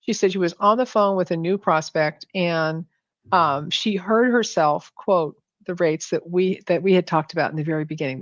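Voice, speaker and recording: A woman's voice: low-pitched, no room sound. A woman pricing coach, a guest in a conversational interview, talking animatedly with many restarts and self-corrections. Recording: dull lo-fi sound, dry.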